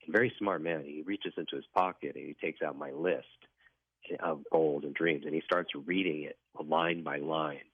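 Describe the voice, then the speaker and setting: A man's voice: a bass voice, fairly even intonation, moderate pace, no echo. A man telling his personal story as a guest in a radio interview, in an earnest, reflective way. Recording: dry tinny phone line.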